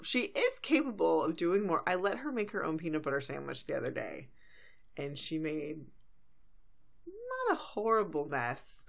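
A woman's voice: deep voice, huge pitch swings, moderate pace, gravelly. A woman in her thirties, a podcast co-host, chatting casually as she recaps an episode and acts out lines.

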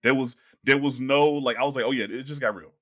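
In casual podcast chat, a young man with a medium-pitched voice tells a long story at a fast clip. He is animated and acts out the people he quotes.

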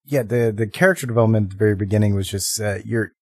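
A man co-hosting a podcast, discussing a film in a halting way with many restarts and mock quotes. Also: on the low side, darkish tone, no echo, studio quality. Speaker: podcast co-host.

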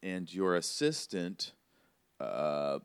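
A man running a tabletop role-play as game master, telling the scene in a relaxed, conversational way with plenty of fillers. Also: low voice, drawn-out words, gravelly, smooth, no room sound.

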